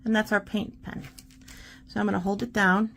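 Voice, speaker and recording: A woman's voice: medium pitch, little pitch movement, moderate pace, creaky, fairly bright tone, a little hiss or hum. A woman hosting a casual art tutorial, chatting and encouraging while she demonstrates paint pens.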